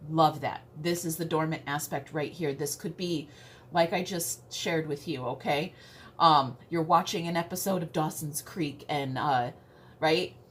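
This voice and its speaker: Low-voiced lady doing a chatty tarot reading, keeps saying okay, faint background hum. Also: unhurried. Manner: playful and earthy, mild swearing. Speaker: tarot reader. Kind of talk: casual tarot reading to camera.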